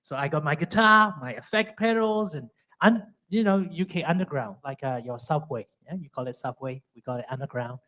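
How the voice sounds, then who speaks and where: A man's voice: a little high, lively intonation, fairly quick, sharp tone. A man from Myanmar with a Burmese accent, a pastor giving a Bible study talk in a chatty storytelling way, acting out dialogue in second-language English.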